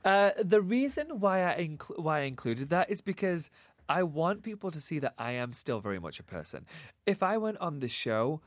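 Animated man chatting in a studio. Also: a little high, moderate pace, no room sound. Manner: animated, emphatic, chatty with many fillers. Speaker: guest, fashion expert and author. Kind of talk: radio interview chat. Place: radio studio. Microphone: studio microphone.

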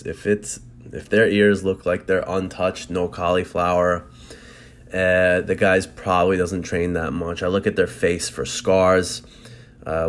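Blunt, profane jiu-jitsu man, lowish voice. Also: a little hiss or hum. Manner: blunt and profane, animated storytelling. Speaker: jiu-jitsu competitor giving tips. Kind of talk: casual storytelling and advice.

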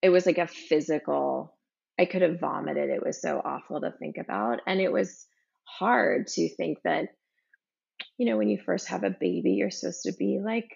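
A woman in her thirties, a podcast guest telling a personal story in a reflective, halting way with many fillers. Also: fairly low pitch, creaky, darkish tone, breathy edge. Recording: dull lo-fi recording.

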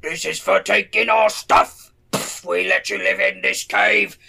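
A man putting on a gravelly, indignant giant. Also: high voice, steady tone, measured pace, bright, forceful tone, pitched above the performer's own voice, full character voice. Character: angry brutish male giant Ettin.

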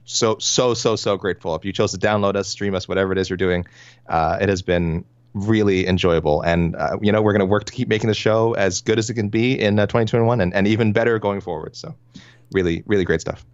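Man, podcast co-host, rapid stumbling chat, dry dull lo-fi recording. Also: lowish voice, fairly even intonation, no echo. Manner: rapid, stumbling, repeats words, playful.

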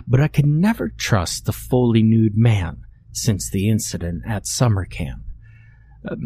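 A man reads a scary story aloud in a deadpan, mock-serious tone. His voice sits low and carries a husky edge. He keeps a steady storytelling delivery throughout. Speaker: narrator. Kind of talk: scripted horror story narration.

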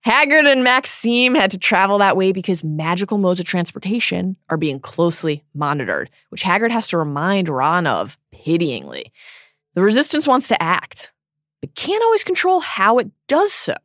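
A woman co-hosting a podcast, recapping a book chapter with wry, animated asides. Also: mid-range voice, moderate pace, no room sound, clean studio sound. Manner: wry, animated retelling with laughs. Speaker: podcast co-host. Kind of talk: casual book-discussion recap.

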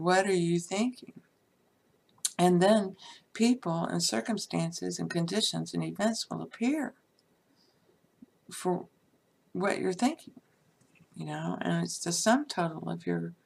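A woman's voice: lowish voice, creaky, breathy edge. A woman giving a casual spiritual teaching talk, chatty and full of "you know" and "okay?", sometimes dropping to a whisper for emphasis. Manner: conversational, frequent "you know" and "okay?" tags.

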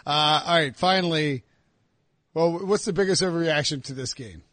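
A man hosting a sports podcast, talking in an animated, mocking, casual way. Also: a little high, moderate pace, dry recording. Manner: animated, mocking, puts on voices of fans. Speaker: podcast host.

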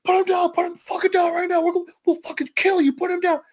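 A man voicing an aggressive police officer shouting orders in a story. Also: extremely high pitch, level tone, fast talker, pitched above the performer's own voice. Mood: barking. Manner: barking orders.

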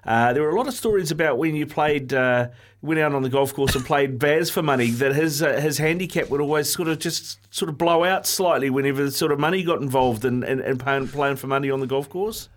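A man's voice: a little high, fairly quick, few pauses. A man co-hosting a radio show, chatting casually and hesitantly searching for his words. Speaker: radio co-host. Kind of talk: casual studio chat. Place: radio studio.

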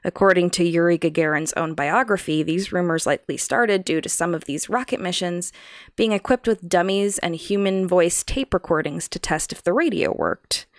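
A woman co-hosts a casual podcast, working through her prepared notes with a lowish voice full of gravelly fry. She laughs easily at her partner's jokes. The sound is dry and close. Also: normal speed, dry recording. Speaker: podcast co-host presenting the research. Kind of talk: casual chat reading from notes.

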